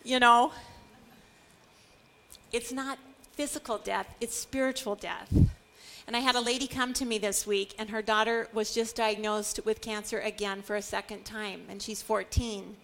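A woman's voice: fairly high pitch, steady tone, moderate pace, a bit bright, slight background noise. A middle-aged woman teaching a Bible study, earnest and building to emphatic declarations.

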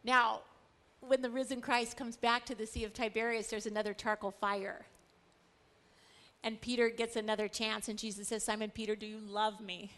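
A woman teaching a Bible study in a lively way, acting out the stories she tells. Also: fairly high pitch, normal speed. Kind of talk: animated scripture teaching.

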